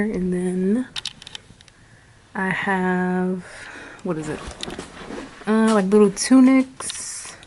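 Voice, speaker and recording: A woman's voice: medium pitch, darkish tone. A young woman, out of breath and rambling with fillers as she casually vlogs from her bedroom. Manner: chatty, rambling, with many fillers. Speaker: vlogger. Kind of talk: casual chat.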